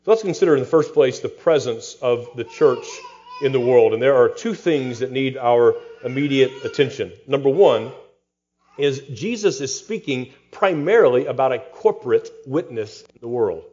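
A man's voice: medium pitch, lively intonation, moderate pace, darkish tone, lo-fi sound. A man, a pastor, preaching an expository sermon with rhetorical questions and dry humor.

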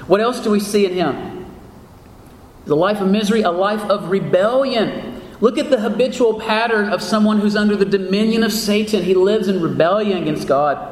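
A man's voice: high-pitched, a little mellow, a little hiss or hum. A male pastor preaching a sermon, earnest and emphatic, asking rhetorical questions of his congregation. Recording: echoey hall with faint ambience.

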